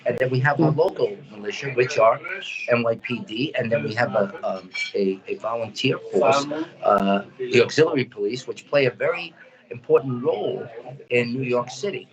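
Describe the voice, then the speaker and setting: A man hosting a talk radio show, speaking in an earnest, somber, measured way. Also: mid-range voice, highs cut off. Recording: crowd chatter behind.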